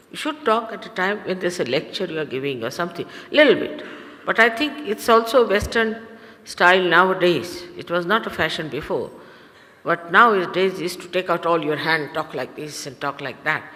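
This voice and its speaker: A woman with an Indian accent, a spiritual teacher giving an instructive, admonishing talk to her followers, pausing often with hesitations. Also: fairly low pitch, fairly bright tone, long reverb tail.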